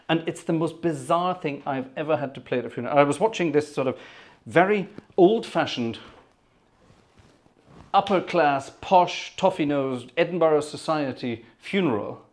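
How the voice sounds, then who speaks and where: Chatty male organist telling stories. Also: fairly high pitch. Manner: chatty, anecdotal, thanks viewers by name. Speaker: organist and livestream host. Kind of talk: casual chat. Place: at home.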